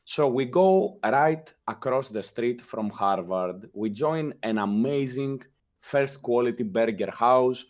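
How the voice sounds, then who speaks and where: A man's voice: medium pitch, slow. A young man with a European non-native English accent, a guest telling casual, profane stories in an interview and acting out the people he quotes. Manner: profane, animated anecdote telling with acted quotes. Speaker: guest, former guild leader.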